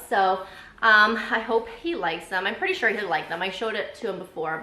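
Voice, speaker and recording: A young woman from Canada talks through her shopping haul in a quick, chatty way, filling her sentences with ums and likes. Her voice is bright and sits in an echoey room. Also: fairly low pitch. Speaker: vlogger. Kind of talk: casual haul vlog.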